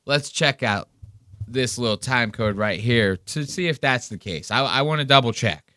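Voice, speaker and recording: A man's voice: medium pitch, normal speed, dry recording. Profane sarcastic podcast host man. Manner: profane, sarcastic, animated storytelling. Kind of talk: casual commentary on clips.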